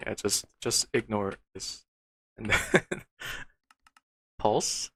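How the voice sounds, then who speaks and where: A man's voice: fairly low pitch, drawn-out words, gravelly, bright, forceful tone, husky, dry recording. A man streaming a game, muttering to himself with frustrated, disbelieving outbursts. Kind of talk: casual gameplay commentary.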